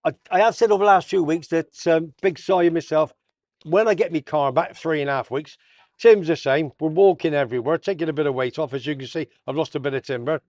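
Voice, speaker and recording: A man's voice: on the high side, quick pace, a little mellow, no echo. A man hosting a casual sports roundup vlog, full of jokey banter and slang. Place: south of Tenerife.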